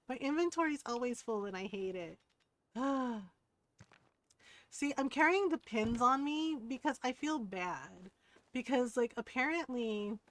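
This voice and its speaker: A woman livestreaming a game, chatting casually and telling a story full of "like" and casual swearing, acting out her friends' lines. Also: medium pitch. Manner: acts out friends' lines in excited voices. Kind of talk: casual chat while gaming.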